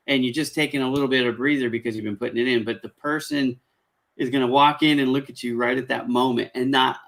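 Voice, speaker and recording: A man in his forties hosts a casual conversation and lays out advice in an earnest, emphatic way. His voice sits in a middle pitch. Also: gravelly, a bit bright, poor audio. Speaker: host. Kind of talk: casual chat.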